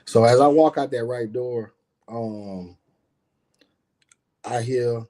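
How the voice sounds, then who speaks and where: A man's voice: medium pitch, takes it slowly, dark tone. A middle-aged man, a guest on a live stream, telling a personal story in a casual, emphatic and profane way, often turning to speak straight to his listeners.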